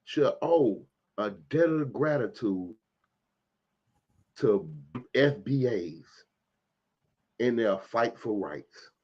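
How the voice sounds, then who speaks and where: A man's voice: medium pitch, animated, extremely slow, pauses often, a little mellow, breathy edge, highs cut off. A man ranting in a heated, profane commentary for his vlog, cursing often and stressing his points. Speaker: vlogger commentator.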